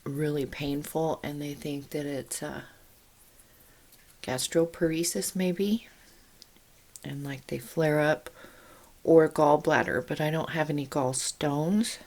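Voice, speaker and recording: A woman's voice: low voice, steady tone, slow pace, pauses often, a little mellow. A woman chatting casually in her home kitchen as she shows a canning task, rambling into asides as she works.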